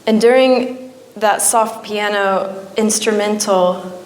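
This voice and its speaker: A woman's voice: mid-range voice, steady tone, takes it slowly. A young woman giving an emotional personal testimony at a church, her storytelling rising at times into pleading. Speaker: church speaker. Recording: echoey church hall.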